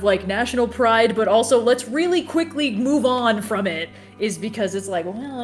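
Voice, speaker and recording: A woman co-hosting a casual gameplay stream, filling in background context in an explanatory way. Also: on the high side.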